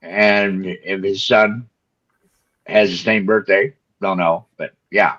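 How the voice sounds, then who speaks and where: A man in his seventies chatting as a guest on a live call, easygoing and quick to laugh. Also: sits low, steady tone, fairly bright tone. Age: 70s. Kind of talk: casual chat. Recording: dull lo-fi call audio.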